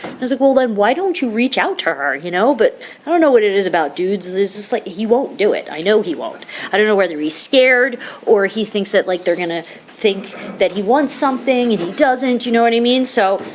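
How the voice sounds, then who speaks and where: A woman's voice: mid-range voice, animated, fairly quick, a little hiss or hum. A middle-aged woman telling her personal recovery story at a meeting, heartfelt and rambling, full of restarts and "you know".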